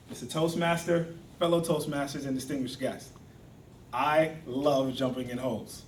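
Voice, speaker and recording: A man's voice: mid-range voice, steady tone, normal speed, a little hiss or hum. A man giving a storytelling speech at a speaking club, acting out the voices of the people in his tale. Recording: echoey hall from far off.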